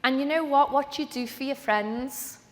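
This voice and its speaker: A woman's voice: sits high, normal speed, a bit bright. A woman giving a motivational personal story to an audience at a training event, chatty and acting out the conversations she remembers. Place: event venue with a live audience. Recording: echoey large event hall.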